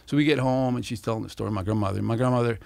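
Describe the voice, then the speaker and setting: A middle-aged man telling stories as a podcast guest, animated and swearing freely as he acts out what people said. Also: medium pitch, racing, creaky, dry recording. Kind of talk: casual storytelling.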